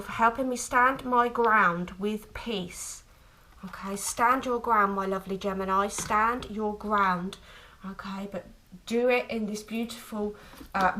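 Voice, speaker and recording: A woman giving an intuitive tarot reading to camera, speaking tenderly and haltingly, with frequent restarts. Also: medium pitch, fairly bright tone, a little hiss or hum, rough recording. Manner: tender, calls listener "my lovely"; halting, many restarts and fillers. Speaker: tarot reader.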